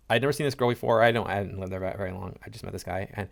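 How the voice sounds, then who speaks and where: Brief: male commentary host, lowish voice, indignant lecturing rant. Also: very fast, creaky, hardly any pauses. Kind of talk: reaction commentary.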